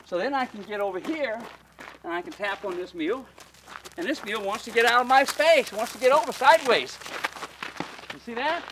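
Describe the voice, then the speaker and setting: A man's voice: very high voice, animated, fairly quick, pauses often, pushed and bright, slight background noise. A man coaching a group through a hands-on mule training demonstration, in a folksy, plain-spoken way that calls his audience folks.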